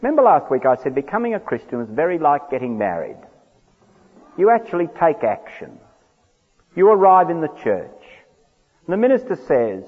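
Male preacher, husky voice, lively pitch, echoing church hall, tinny phone-like sound. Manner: earnest, pleading, slows to a hush in prayer. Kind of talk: evangelistic sermon with altar call. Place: large church.

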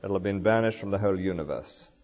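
An older man preaching a sermon in a church, explaining scripture with lively asides and rhetorical questions. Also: low-pitched, quick pace. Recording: dull lo-fi recording in a reverberant church.

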